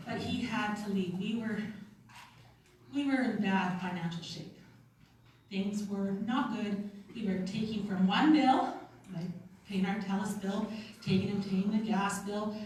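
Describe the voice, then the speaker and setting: A woman's voice: medium pitch, a little hiss or hum. A Canadian woman giving a heartfelt personal testimony, close to tears and nervous, speaking at a leadership retreat. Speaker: network marketing team leader giving a speech. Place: large event hall. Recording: echoey hall, voice from far off.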